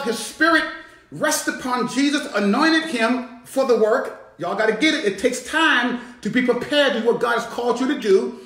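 A man preaches from the pulpit, his high voice swooping and climbing as he calls the church to respond. The sound rings around a roomy sanctuary. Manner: rising, shouting preaching with call-and-response. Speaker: bishop. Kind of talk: sermon.

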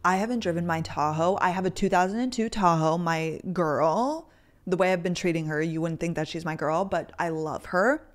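A woman's voice: lowish voice, moderate pace. A young woman hosting a podcast, chatting casually into a microphone and telling stories with lots of "like" fillers. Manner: chatty storyteller, heavy use of "like". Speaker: podcast host. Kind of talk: casual chat.

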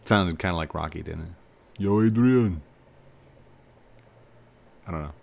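A man's voice: a bass voice, steady tone, brisk, vocal fry, fairly bright tone. A man hosting a casual let's-play video, rambling and self-deprecating as he plays. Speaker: gaming video host. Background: game music.

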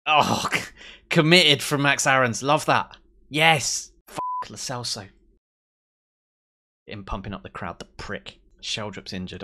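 A young man commentating on his own football management game, excitable, cheering his team and mocking rivals. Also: fairly low pitch. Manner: excitable, swears and mocks players. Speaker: let's play host.

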